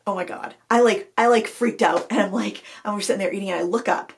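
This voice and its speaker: A woman's voice: medium pitch, quick pace, creaky. Chatty rambling woman vlogger in her forties. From Maine. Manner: chatty and rambling, laughs often. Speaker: craft vlogger. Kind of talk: casual chat to camera.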